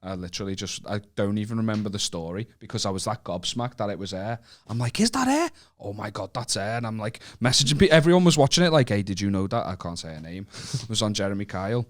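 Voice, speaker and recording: A young man with a northern English accent tells stories on a podcast in a fairly low voice. He stumbles and restarts often, then lands his punchlines dryly. His swearing is casual. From northern England. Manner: halting restarts, dry storytelling, swears. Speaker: podcast co-host. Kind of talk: casual chat.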